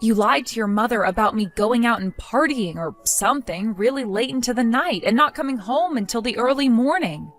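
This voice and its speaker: This young wife defends herself in a bright, high voice that swings widely up and down, as a woman acts her out. She sounds exasperated and pleading, with soft music underneath. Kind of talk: text-story voice acting.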